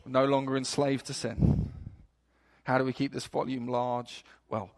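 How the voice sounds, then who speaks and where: A man's voice: medium pitch, level tone, moderate pace, darkish tone. A male pastor preaching a sermon in a storytelling manner, building up to emphatic points.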